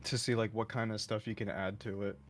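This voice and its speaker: A man's voice: on the low side, level tone, fairly quick. Chatty man on a livestream. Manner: rambling, laughs often, jumps into silly voices. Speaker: streamer co-host. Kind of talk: casual stream chat.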